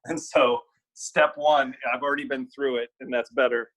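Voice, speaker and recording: A man's voice: mid-range voice, steady tone, normal speed, a bit bright, poor audio. Emphatic middle-aged man, podcast guest. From Wisconsin. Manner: emphatic, repeats key phrases, self-deprecating humor. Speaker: guest speaker and author. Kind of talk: casual podcast interview.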